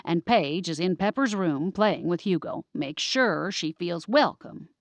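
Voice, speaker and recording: A woman voicing a brisk, commanding older woman giving orders in an audiobook. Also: lowish voice, lively intonation, dry recording.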